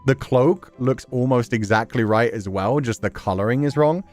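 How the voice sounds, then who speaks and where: A man's voice: medium pitch, normal speed, darkish tone, soft background music. A man chatting casually on a live stream, reacting to fan art and laughing often.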